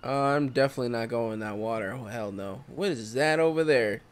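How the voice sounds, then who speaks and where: A man's voice: mid-range voice, fairly quick, clean tone. A man giving casual solo commentary over a survival game, exclaiming at surprises. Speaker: gameplay commentator.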